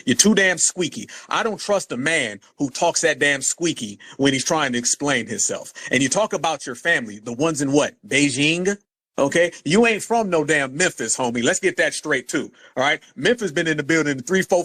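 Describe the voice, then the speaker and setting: A man hosting a live online debate, loud and combative, talking over callers. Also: fairly high pitch. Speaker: livestream host. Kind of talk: heated live stream debate.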